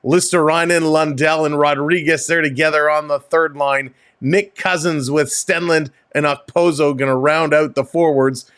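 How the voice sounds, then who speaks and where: A man hosts a live hockey stream with energetic, joking patter. He runs through the lineups casually, his voice pitched slightly higher than most men's. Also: moderate pace, hardly any pauses, clean tone. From Canada. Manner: energetic, jokey, breaks into laughing fits.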